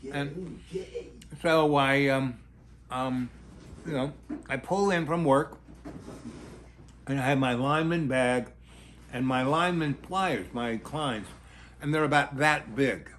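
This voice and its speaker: A man's voice: medium pitch, slow pace, pauses often, a little hiss or hum. Rambling man telling a story. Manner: animated, full of fillers and restarts.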